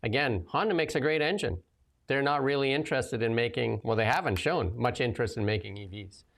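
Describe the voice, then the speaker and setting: A man's voice: mid-range voice, a little fast, gravelly, fairly bright tone. A man hosting a political talk show, commenting casually with sarcastic asides and frequent laughter. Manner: sarcastic, rambling, laughs often. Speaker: host.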